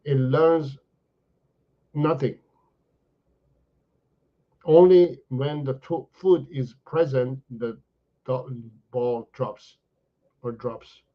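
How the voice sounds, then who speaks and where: A man's voice: mid-range voice, very slow, long pauses, dull audio. A man, a dog trainer, answering viewers live in a chatty way, often repeating words and saying "you know" and "right?". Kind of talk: live-stream Q&A.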